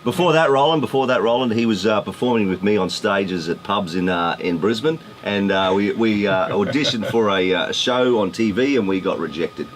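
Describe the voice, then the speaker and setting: A man's voice: on the low side, normal speed, hardly any pauses, rough recording. An Australian man, a breakfast radio host himself, chatting and laughing as a guest in a studio. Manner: laughing, easygoing, rambling.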